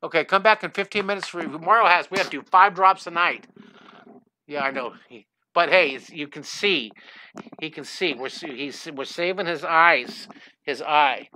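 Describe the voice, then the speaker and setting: An older man, a drawing teacher, greeting viewers by name in a live online lesson, excitable and scattered, talking into a headset mic at home. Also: on the high side, normal speed, slight background noise. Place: home studio.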